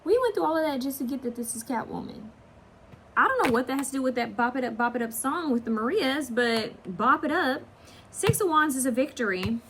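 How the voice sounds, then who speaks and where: A woman's voice: high voice, animated, fairly quick, fairly bright tone, a little hiss or hum. A woman giving a casual pick-a-card tarot reading, chatty and rambling with slangy asides.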